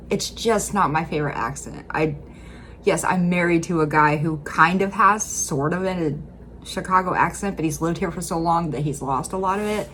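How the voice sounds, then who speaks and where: Low-voiced Midwestern woman, chatty. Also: a bit bright, a little hiss or hum. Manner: chatty, rambling, with frequent fillers. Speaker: reaction video host. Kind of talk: casual commentary.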